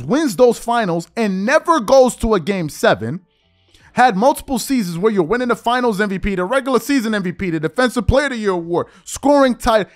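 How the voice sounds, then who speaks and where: A male sports show host ranting in an animated way, firing off repeated rhetorical questions in casual slang. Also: high-pitched. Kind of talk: animated opinion rant.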